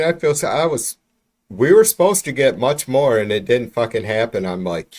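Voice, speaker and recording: A man's voice: mid-range voice, animated, normal speed, a little mellow. A man casually chatting with his livestream viewers, rambling and swearing freely, speaking from about an arm's length from the mic. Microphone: mic about an arm's length away.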